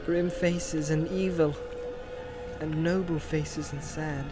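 A man voicing a haunted young hero in an audiobook, speaking softly and as if from far away. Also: on the high side, steady tone, over music, pitched above the performer's own voice. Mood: haunted, dreamy. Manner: soft, faraway, halting. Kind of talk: audiobook character voice.

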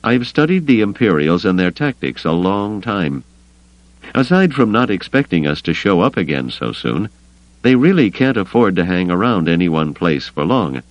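A man voicing a seasoned, confident male senator in an audiobook, measured and assured. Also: deep voice, sing-song, dry recording, dull audio, pitched above the performer's own voice.

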